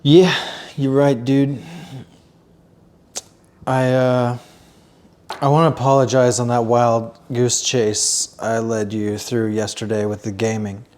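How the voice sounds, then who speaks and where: A man's voice: medium pitch, takes it slowly, pauses often. A man co-hosting a comedy podcast, rambling and swearing as he chats casually. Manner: rambling, animated, swears often. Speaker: podcast co-host.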